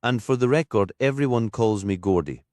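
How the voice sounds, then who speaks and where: A man voicing a sharp-tongued Scottish female detective in her fifties, teasing and dry, for an audiobook. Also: medium pitch, normal speed, dry recording, pitched above the performer's own voice, lightly acted. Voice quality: rich, musical. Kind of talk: audiobook character voice.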